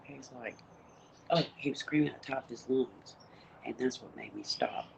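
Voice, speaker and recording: A woman's voice: a bass voice, huge pitch swings, normal speed, gravelly. A middle-aged woman livestreaming casual, rambling chat, cussing freely and talking straight to her viewers. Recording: noisy phone livestream.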